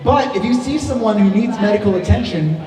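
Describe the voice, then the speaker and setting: High-voiced man doing stand-up in a club. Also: animated, a little fast, over music. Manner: chatty, riffs with the crowd. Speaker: stand-up comedian. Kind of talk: stand-up comedy set. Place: comedy club stage. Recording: roomy live club sound from a distance with crowd. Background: audience laughter and chatter.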